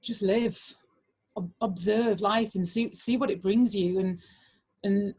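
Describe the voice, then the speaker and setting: Husky woman telling a story. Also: medium pitch, takes it slowly. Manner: animated, full of "like" fillers, acts out voices. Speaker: guest speaker. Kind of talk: personal storytelling talk.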